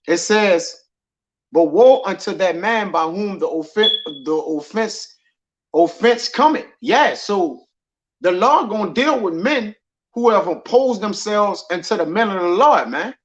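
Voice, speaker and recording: A man's voice: sits high, animated, measured pace. Dull lo-fi man preaching casually. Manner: casual, repeats "man" and "all right". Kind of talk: informal scripture teaching. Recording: dull lo-fi audio.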